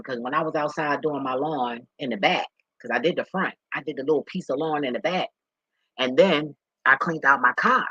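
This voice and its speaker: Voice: medium pitch, normal speed, bright, forceful tone, slightly rough, dry recording, highs cut off. A vlogger talking straight to viewers in a rambling, profane and emotional way. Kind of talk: candid monologue to viewers.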